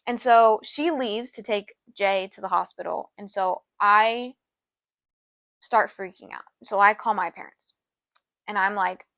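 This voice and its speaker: A young adult woman co-hosting a podcast tells a personal story earnestly and emotionally, acting out other people's quoted words. Her mid-range voice is gravelly and sharp, a little slow, in a dry recording.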